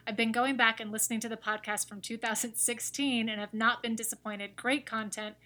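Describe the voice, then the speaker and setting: A woman co-hosting a podcast, reading listener reviews aloud in a brisk, wry, casual way. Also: a little high, little pitch movement, bright, forceful tone. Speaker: podcast co-host.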